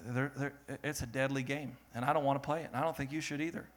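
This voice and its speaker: A young man preaching a sermon, animated and laughing, rising to loud peaks and dropping to a soft, earnest tone. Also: mid-range voice, fast. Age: young adult. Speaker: pastor.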